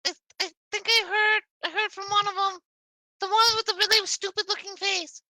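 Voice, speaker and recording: A woman's voice: extremely high pitch, fairly even intonation, normal speed, crowd noise. A woman playing a tabletop game in casual chat, earnest and insistent. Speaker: player.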